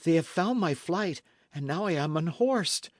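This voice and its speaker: A man voicing a timid, gentle young runaway who pleads softly and anxiously in an old-fashioned storybook tale. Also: on the high side, expressive, measured pace, no room sound, studio quality, voice pushed up. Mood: pleading. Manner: soft, anxious, imploring.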